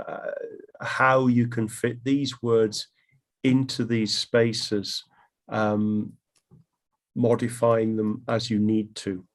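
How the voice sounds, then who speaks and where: A man teaching an online English class, talking in a relaxed, chatty way with many ums and restarts. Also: fairly low pitch.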